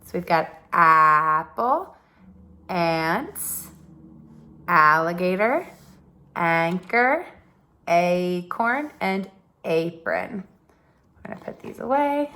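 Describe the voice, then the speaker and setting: A woman teaching a pre-K phonics lesson, gently sounding out letters and words with exaggerated repetition. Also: lowish voice, expressive, takes it slowly, roomy sound, a little hiss or hum. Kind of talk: slow early-childhood phonics lesson.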